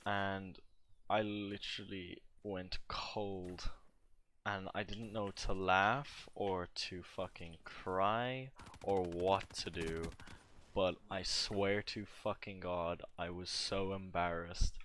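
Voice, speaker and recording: A man's voice: low-pitched, steady tone, takes it slowly, fairly bright tone, a little hiss or hum. A young man and gaming streamer telling a rambling, profane story in a casual, laid-back way while he plays.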